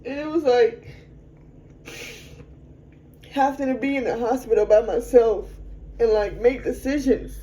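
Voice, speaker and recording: Frank young woman, mellow voice. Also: fairly high pitch, a little hiss or hum, rough recording. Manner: frank, conversational, quick to vent. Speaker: interview guest. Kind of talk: candid personal storytelling.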